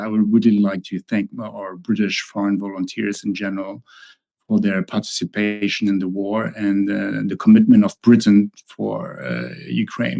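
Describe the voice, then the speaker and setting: A man's voice: fairly low pitch, vocal fry, darkish tone. A man from Germany on a roundtable panel, speaking in an earnest, formal way. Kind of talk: casual roundtable chat.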